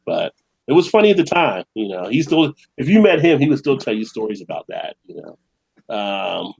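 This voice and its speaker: A man's voice: medium pitch, big pitch swings, moderate pace, creaky, darkish tone, husky, rough recording. Chatty man hosting a live stream. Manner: chatty, reads viewer comments aloud and laughs often. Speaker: beer channel host. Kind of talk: casual live-stream chat.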